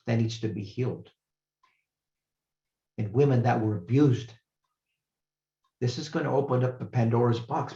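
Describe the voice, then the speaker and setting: An older man, a retired professor, giving an earnest, reflective talk as a guest speaker, pausing and restarting as he shares a personal story. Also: medium pitch, a little mellow. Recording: roomy, slightly muffled recording.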